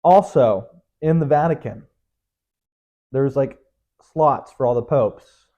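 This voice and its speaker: A man's voice: mid-range voice, slow, lo-fi sound. A young man hosting his own podcast alone, talking in a rambling, joking, self-mocking way. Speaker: podcast host. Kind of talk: casual solo monologue.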